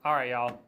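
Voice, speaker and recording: A man streaming a PC build, chatting casually and reading viewer comments aloud with a joking, teasing manner and frequent laughs. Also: bright, forceful tone.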